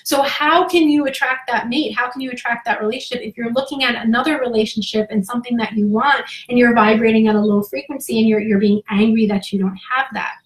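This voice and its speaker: Frank woman, bright voice, roomy echo. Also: fairly high pitch. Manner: frank and emphatic, fond of "like" and "right?". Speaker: spirituality coach. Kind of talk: casual live talk to viewers.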